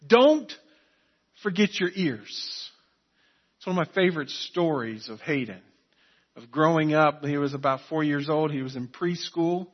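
A man's voice: a little high, lively intonation, unhurried, highs cut off. A man preaching a sermon as pastor, earnest and repeating key phrases for emphasis.

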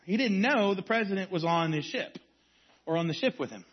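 A man preaching a sermon as a youth pastor, telling stories and dropping his voice low and hushed at key points. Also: expressive, a little fast, breathy edge, lo-fi sound. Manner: storytelling preacher, varies volume from strong to hushed.

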